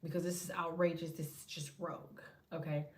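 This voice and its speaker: A woman hosting a tarot livestream, telling stories in a profane, animated way and acting out other people. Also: low voice, a little fast, recorded from a distance. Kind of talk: casual livestream rant.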